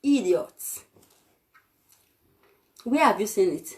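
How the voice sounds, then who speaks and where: A woman's voice: mid-range voice, expressive, takes it slowly, darkish tone. A young Nigerian woman ranting on a vlog, insulting and scolding her viewers in a fiery tone. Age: young adult. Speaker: vlogger.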